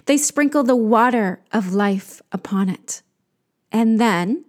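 A woman's fairly high voice narrates an ancient myth. She reads at a very slow, deliberate pace, letting each line settle before the next. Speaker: storyteller.

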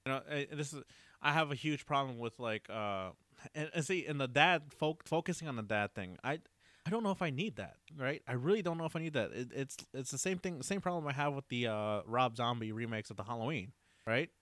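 Man, casual rambling chat, smooth resonant voice, dry close sound. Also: medium pitch, fairly bright tone, dry recording. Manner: rambling, halting, laughs often.

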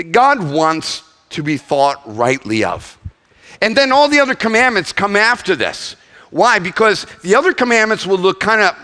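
A man preaches to a congregation in a lively, animated manner, jumping between jokes and earnest points. His voice sits a little high and bright. The sound carries the long reverb of a large church hall. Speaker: pastor. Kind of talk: sermon.

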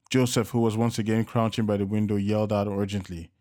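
A man narrating a scripted story in a steady, measured reading. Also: fairly low pitch, no room sound, studio quality.

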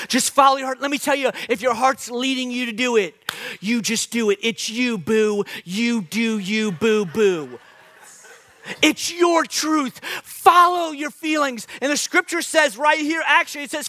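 High-voiced, bright young male preacher. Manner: animated storytelling with sudden loud outbursts. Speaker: pastor. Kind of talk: sermon.

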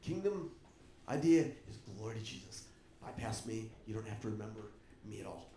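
Man, pastor, sermon, lively swinging pitch, roomy echo, faint background hum. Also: brisk. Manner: animated, jokes with congregation.

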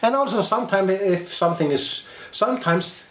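A man with an Icelandic accent chatting casually as a comedian co-host, halting with lots of fillers. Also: high voice, a bit bright, reverberant. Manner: rambling, halting with many fillers. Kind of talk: casual chat.

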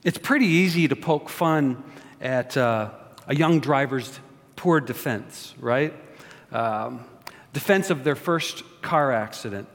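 A man's voice: medium pitch, animated, takes it slowly. A man preaching a sermon as a pastor, joking and asking his congregation questions. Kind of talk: sermon with prayer. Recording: long reverb of a large hall.

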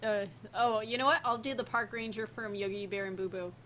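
A woman's voice: medium pitch, steady tone, a little fast, fairly bright tone, a little hiss or hum. A woman co-hosting a comedic podcast, playful and rambling. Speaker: podcast co-host.

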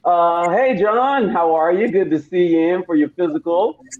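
Man playing a doctor in an improv scene, calm, clinical, measured, slightly halting, a touch high. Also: highs cut off, a little hiss or hum, lightly acted. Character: male doctor giving grim news calmly.

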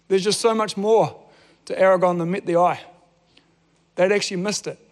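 A man preaching a sermon, telling a story with stammered restarts and drawn-out dramatic pauses. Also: sits high, fairly even intonation, in a large hall. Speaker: pastor.

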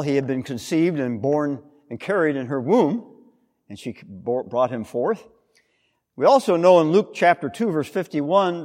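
A man preaching a sermon, explaining scripture with rhetorical questions and an expressive delivery. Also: on the high side, big-room sound.

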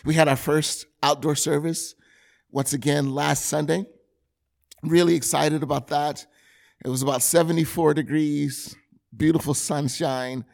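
A man's voice: on the high side, steady tone, unhurried, creaky, darkish tone. A male pastor with a Californian accent, hosting his church podcast in an earnest, conversational way with touches of self-deprecating humor. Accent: Californian English. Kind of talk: podcast intro talk.

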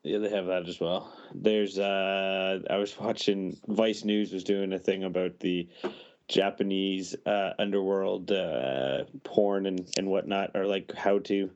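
A man co-hosting a casual podcast chat, explaining things in a relaxed, rambling way. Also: deep voice, unhurried, highs cut off. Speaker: podcast co-host.

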